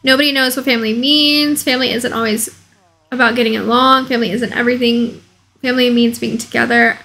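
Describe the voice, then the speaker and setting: A woman's voice: on the high side, steady tone, a little fast, pushed and bright, rough recording. A woman hosting a casual let's play video, commentating in a bubbly, gushing way.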